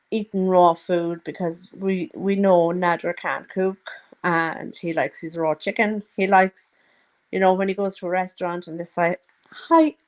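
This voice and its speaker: Slow-talking gossipy woman vlogger. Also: lowish voice. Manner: gossipy, teasing, puts on mocking voices. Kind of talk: casual chat to a live audience.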